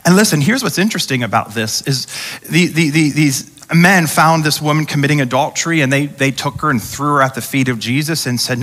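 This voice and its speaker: A man's voice: on the high side, fairly quick, fairly bright tone. A man preaching a sermon as pastor, talking conversationally and acting out the voices he quotes. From United States. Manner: conversational preaching, acts out quoted voices, repeats words when restarting. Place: large church auditorium. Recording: church hall reverb.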